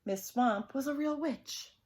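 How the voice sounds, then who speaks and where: A teacher reading a picture book aloud to her pupils in a gentle, expressive way. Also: sits high, a little slow. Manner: expressive, gentle storytelling to children.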